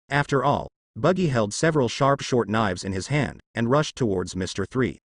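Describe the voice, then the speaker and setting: A man narrating a translated fan-fiction story at a steady, even reading pace. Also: medium pitch, moderate pace, few pauses, no echo, studio quality.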